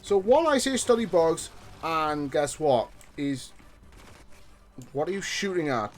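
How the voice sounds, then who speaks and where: A man's voice: fairly high pitch, big pitch swings, slow, soft background music. A man streaming a game, telling a story in a ranting, profane way. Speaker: gaming streamer. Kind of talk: casual gameplay chat.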